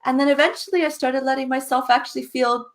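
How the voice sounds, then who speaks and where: A woman's voice: sits high, steady tone, fast talker. Earnest woman guest, chatty tag questions. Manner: earnest, tags sentences with "right?" and laughs lightly. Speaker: guest, success coach. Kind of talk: casual interview storytelling.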